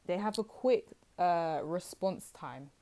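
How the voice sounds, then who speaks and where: Young female tarot reader, deep-pitched, loose and rambling, direct to camera. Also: takes it slowly, warm tone. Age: young adult. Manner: chatty, rambling, addresses viewers as guys. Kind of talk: casual tarot reading to camera.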